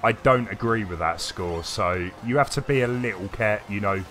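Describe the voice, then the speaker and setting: A British man live-streams a game and chats with viewers, answering them by name in a rambling, chatty way. He's feeling unwell and coughs now and then, his lowish, slightly bright voice moving at a moderate pace over faint game music.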